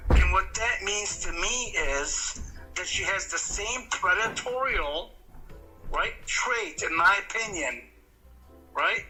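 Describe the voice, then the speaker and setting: A man's voice: high voice, animated, slow pace, sharp tone, faint music behind, rough recording. A man ranting accusingly on a livestream that is played back. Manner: accusatory, emphatic.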